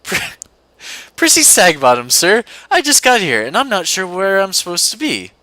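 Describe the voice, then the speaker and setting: A man's voice: high voice, huge pitch swings, normal speed, pushed and bright, dry recording, voice pushed up, exaggerated voice. A man voicing a nervous young schoolgirl witch who is a new student, speaking apologetically. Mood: flustered.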